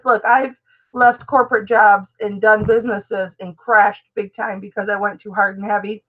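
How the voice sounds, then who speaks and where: Middle-aged lady chatting on a live stream, fairly high voice, tinny like a phone, affectionate and chatty. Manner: chatty, affectionate, reads and answers viewer comments aloud. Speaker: live-stream host, reseller. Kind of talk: casual live-stream chat.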